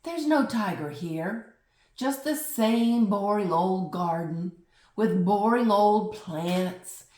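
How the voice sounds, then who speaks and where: A woman's voice: mid-range voice, slow pace, darkish tone, recorded from a distance, close to an everyday voice. A woman voicing a stubborn, skeptical little girl who talks in an insistent, exasperated way. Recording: roomy echo.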